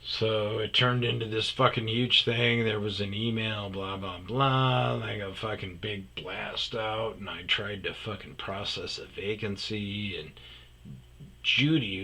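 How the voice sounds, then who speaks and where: A man telling a workplace story in a casual, profane rant, loudly acting out what people said. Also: lowish voice, measured pace, creaky, slight background noise. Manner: profane, animated, acts out quotes loudly. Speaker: storyteller host.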